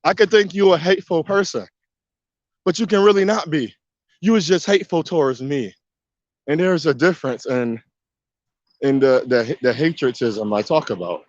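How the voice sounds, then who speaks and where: A man's voice: on the high side, moderate pace, pauses often, no echo. Emphatic man in a dull, dry recording. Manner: emphatic, repetitive, drives points with rhetorical questions. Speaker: video commentator. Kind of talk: casual spoken monologue.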